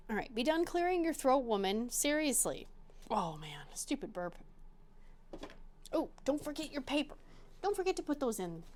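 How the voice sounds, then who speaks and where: A woman's voice: high voice, very animated, unhurried, pauses often, background noise. A young adult woman hosting her crafting channel, chatting casually and bubbly, poking fun at herself. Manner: bubbly, chatty, self-mocking. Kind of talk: casual chat to camera.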